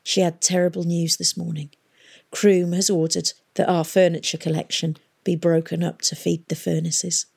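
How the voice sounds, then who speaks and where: A woman voicing a kindly elderly male historian in a storybook reading, gentle and soothing. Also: on the low side, little pitch movement, moderate pace, vocal fry, husky. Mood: hushed.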